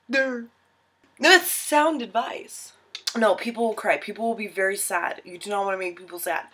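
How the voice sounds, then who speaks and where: A woman's voice: mid-range voice, moderate pace, fairly bright tone, slightly rough. A tipsy young woman filming a casual baking tutorial in her home kitchen, giggly, rambling and self-mocking.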